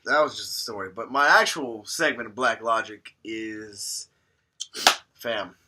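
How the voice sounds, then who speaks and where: A man's voice: fairly low pitch, unhurried, very noisy. A man co-hosting a podcast in casual chat, telling stories playfully with slang. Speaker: podcast co-host.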